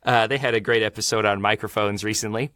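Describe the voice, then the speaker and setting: A man's voice: on the low side, steady tone, fast, sharp tone, clear, resonant tone, dry recording. A man co-hosting a podcast, chatting casually, upbeat and teasing, into a studio microphone. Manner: upbeat, laughs often, teasing. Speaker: podcast co-host. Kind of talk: casual chat.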